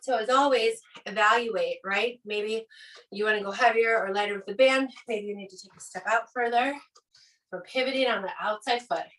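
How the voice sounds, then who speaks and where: A woman's voice: on the high side, normal speed, a bit bright, distant mic, low-quality recording. A woman fitness instructor coaching a workout with upbeat, encouraging cues, out of breath.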